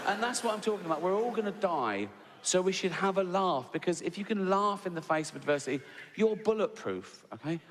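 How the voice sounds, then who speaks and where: This male comedian's stand-up storytelling is conversational, full of "right?" tags and his own laughter at the jokes. His high voice is expressive and brisk, with a big-room sound and slight background noise.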